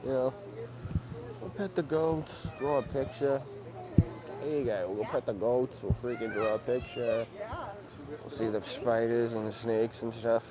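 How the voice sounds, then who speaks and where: A man's voice: mid-range voice, fairly even intonation, unhurried, long pauses, close to an everyday voice. A man putting on a Boston guy. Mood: joking. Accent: Boston (put on). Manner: joking, calls people "guy", says "freaking" a lot. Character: loud Boston guy, excited and profane. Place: outdoors in a busy theme park. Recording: outdoor crowd noise.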